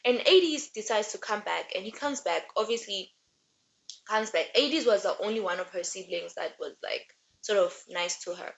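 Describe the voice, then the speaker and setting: A young woman giving a casual book recap and rant, chatty and rambling with animated asides. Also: medium pitch, normal speed, creaky, dull audio, slight background noise. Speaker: book reviewer.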